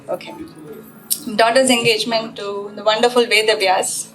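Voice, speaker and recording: A woman's voice: fairly high pitch, unhurried, fairly bright tone, rough recording. Hesitant middle-aged mother of the bride. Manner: hesitant, unprepared, emotional. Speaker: mother of the bride giving a speech. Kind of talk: unprepared speech at an engagement party.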